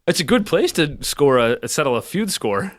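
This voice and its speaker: A man co-hosting a podcast in casual chat who makes quick, wry jokey asides. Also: fairly high pitch, sing-song, no room sound. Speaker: podcast co-host.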